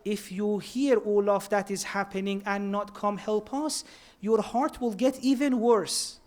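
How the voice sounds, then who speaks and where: A man's voice: high-pitched, fairly even intonation, measured pace, a little mellow. Earnest man preaching. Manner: earnest, mixes Persian words into English. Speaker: speaker at a religious centre. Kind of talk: sermon.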